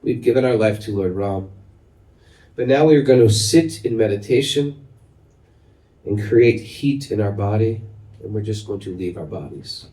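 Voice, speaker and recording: A man voicing a calm, gentle old male guru who speaks softly and slowly, in a roomy recording made from a distance. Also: fairly low pitch, voice pushed down, natural voice. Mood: reassuring. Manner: slow, soft, reassuring.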